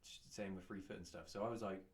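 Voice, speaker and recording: Low-voiced man, rambling. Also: fairly even intonation, quick pace. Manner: rambling, hesitant, thinking aloud. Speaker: podcast co-host. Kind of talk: casual chat.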